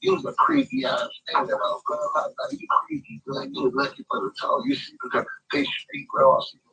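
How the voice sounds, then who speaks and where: A man's voice: extremely high pitch, wildly swooping pitch, a little fast, gravelly, pushed and bright, slightly rough, low-quality recording. A man ranting on a livestream, brash and profane, tacking "bro" onto nearly every line. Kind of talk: casual livestream rant.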